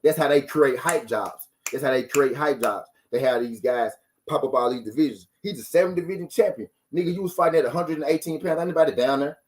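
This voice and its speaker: A man's voice: mid-range voice, quick pace, few pauses. Profane man ranting on a live stream. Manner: profane, repeats lines for emphasis, fires rhetorical questions. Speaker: host of a boxing talk stream. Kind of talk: casual live-stream rant to viewers.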